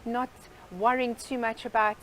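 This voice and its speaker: A woman's voice: a little high, level tone, measured pace, slight background noise, low-quality recording. A woman guest on a talk show, a life coach explaining her ideas earnestly with sayings and metaphors. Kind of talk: interview.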